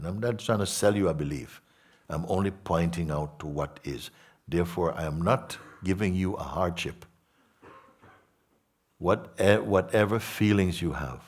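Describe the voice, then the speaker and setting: A man giving a spiritual satsang talk to an audience, gentle and unhurried, repeating simple phrases and asking his listeners questions. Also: low voice, breathy edge. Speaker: spiritual teacher.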